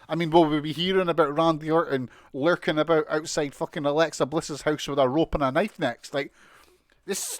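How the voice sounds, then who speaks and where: A man's voice: fairly high pitch, no echo, clean studio sound. A man with a British accent giving a casual, sweary, mocking recap of a wrestling show. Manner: sweary, mocking, exasperated ranting with laughs.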